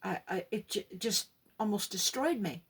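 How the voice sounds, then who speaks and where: A woman gives an emphatic personal religious testimony and acts out the dialogue in her story. Her voice is gravelly and husky. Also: medium pitch, lively intonation, normal speed. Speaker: guest giving testimony.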